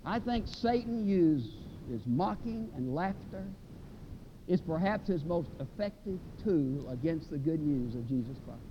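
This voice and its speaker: A high-voiced male preacher from Mississippi, USA, delivers a sermon at a measured pace, expressive and emphatic. He stretches key words and repeats phrases for effect. The recording is dull and lo-fi, with a faint rumble underneath.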